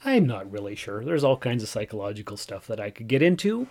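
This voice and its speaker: A man's voice: fairly low pitch, sing-song, brisk, gravelly, darkish tone. A man in his forties hosting a solo podcast, talking casually in a rambling, self-deprecating way with frequent restarts. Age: 40s. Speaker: podcast host.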